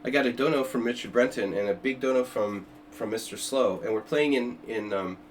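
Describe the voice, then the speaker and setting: A man's voice: mid-range voice, brisk, slight background noise. Joking, rambling older male chess streamer. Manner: joking, rambling, with many restarts and asides. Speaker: chess streamer hosting a simul. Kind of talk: casual livestream chat.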